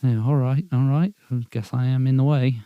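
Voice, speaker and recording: A man's voice: mid-range voice, fairly even intonation, moderate pace, clear, resonant tone, dry recording, narrow, tinny audio, natural voice. Man voicing a weepy, apologetic turtle. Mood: dejected. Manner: timid, apologetic, sniffly. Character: sad weepy male turtle adventurer Bellows.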